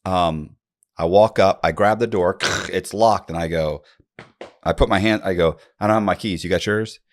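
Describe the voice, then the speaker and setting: A man telling a prison story in a casual interview, jumping up in pitch when he acts out other people's lines. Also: normal speed. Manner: lively storyteller, jumps high when acting out quoted voices.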